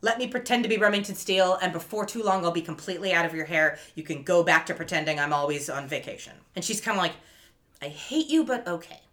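This woman talks fast with a lowish voice and hardly any pauses while co-hosting a podcast about a TV episode. She retells scenes casually and animatedly, quoting characters in their voices, laughing often and swearing along the way.

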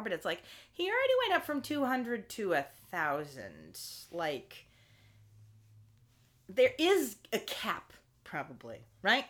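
A woman co-hosting a podcast in a casual chat, recapping a TV episode with wry, animated commentary. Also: medium pitch, measured pace. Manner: animated, wry, acts out quotes. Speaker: podcast co-host.

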